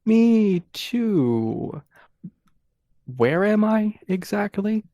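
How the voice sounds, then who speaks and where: A man's voice: sits high, very animated, very slow, dark tone, no room sound, pitched above the performer's own voice, exaggerated voice. A man playing a wary young woman in a tabletop role-play, dry and hesitant but polite.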